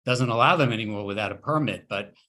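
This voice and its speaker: A man chatting in a relaxed, rambling way with hesitations on a video call. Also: fairly low pitch, fast. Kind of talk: casual group video chat.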